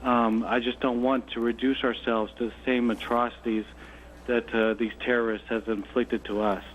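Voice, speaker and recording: A man's voice: mid-range voice, little pitch movement, dull audio, slight background noise. A man calling in to a news show, speaking sincerely with frequent hesitations. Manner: halting, sincere, many fillers. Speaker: caller. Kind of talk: call-in comment.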